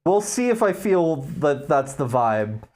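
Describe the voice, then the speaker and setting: A man's voice: fairly high pitch, very animated, measured pace, a little mellow. A young man co-hosting a podcast in casual, rambling chat, swearing freely. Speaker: podcast co-host.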